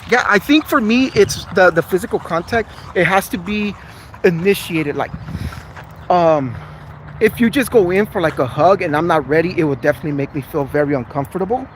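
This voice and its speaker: A man's voice: sits high, brisk, slight background noise, poor audio. A man in a casual livestream chat with viewers, chatty, earnest and apologetic. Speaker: vlogger.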